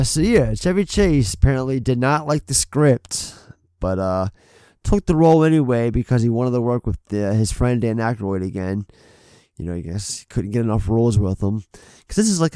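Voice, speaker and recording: Gravelly, swearing male podcast host. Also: mid-range voice, dark tone, no echo, studio quality. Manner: profane, rambling, self-deprecating. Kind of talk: casual chat.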